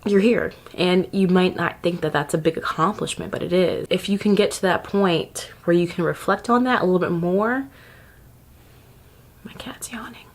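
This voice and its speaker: A chatty woman vlogger talking straight to camera about self-care, with a slightly low voice. She laughs a lot and drifts into little asides as she goes. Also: moderate pace, hardly any pauses, background noise. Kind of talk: casual advice talk to camera.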